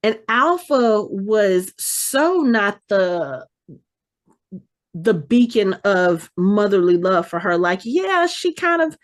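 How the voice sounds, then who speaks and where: Animated woman recapping a show. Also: medium pitch, slow. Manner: animated retelling, acting out characters' lines. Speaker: podcast co-host. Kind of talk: casual chat, episode recap.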